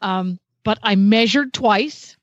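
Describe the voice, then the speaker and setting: A woman's voice: medium pitch, slow, no room sound. A woman who regularly reviews gear on a radio talk show, chatty and full of small details, with a self-deprecating joke now and then. Her voice is mid-range and sounds dry and close. The audio is dull and lo-fi.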